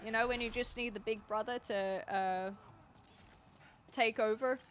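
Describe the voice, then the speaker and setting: A woman game streamer chats playfully through her gameplay, addressing both her dog and her viewers. Her voice is fairly high, fairly bright and steady in tone, a little slow, with slight background noise.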